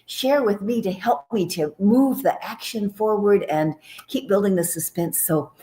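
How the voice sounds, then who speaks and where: A woman novelist talking in a casual radio interview, chatty and animated, often restarting her phrases. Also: medium pitch, measured pace. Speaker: novelist guest.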